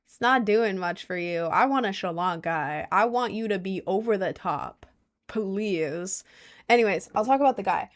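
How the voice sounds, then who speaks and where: A woman's voice: mid-range voice, moderate pace. A young woman in her late teens chatting casually to viewers, rambling with lots of fillers and wearing headphones with a mic. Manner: chatty, many "like" fillers, laughs at herself.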